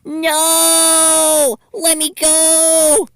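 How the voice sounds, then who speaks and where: A man playing shrill melodramatic young girl, very high pitch, wild swings, dry storybook voice. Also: sing-song, moderate pace, a bit bright, no echo. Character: excitable girl, melodramatic dark servant.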